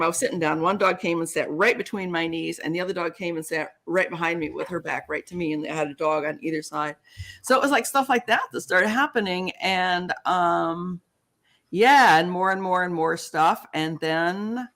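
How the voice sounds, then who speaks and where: An older woman, a guest in an interview, telling her story in an animated way and acting out both sides of remembered conversations. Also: lowish voice, normal speed, creaky.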